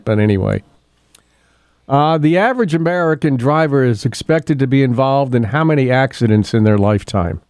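A man's voice: medium pitch, a little mellow, clear, resonant tone, no echo, clean studio sound. A middle-aged man hosting a local radio show, chatting casually, often chuckling and losing his place in his notes. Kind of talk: casual morning radio talk. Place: radio studio.

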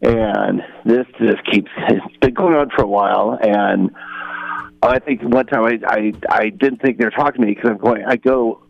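A man's voice: on the low side, normal speed, creaky, no echo. A male caller telling a rambling, exasperated story on a phone-in show, chuckling now and then. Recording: muffled phone line.

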